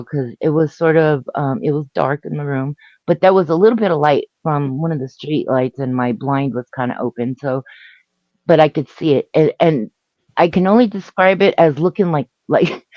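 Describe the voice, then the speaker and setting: A woman telling a story on a live stream in a halting way, laughing and restarting her sentences. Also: low voice, no echo, dull audio. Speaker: guest storyteller. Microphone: video call.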